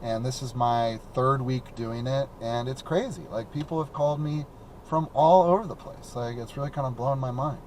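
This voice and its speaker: A man's voice: mid-range voice, fairly even intonation, moderate pace, darkish tone, a little hiss or hum. A young man hosting a call-in talk show while driving around in his car, chatting casually, rambling and repeating words with lots of fillers. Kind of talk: casual chat.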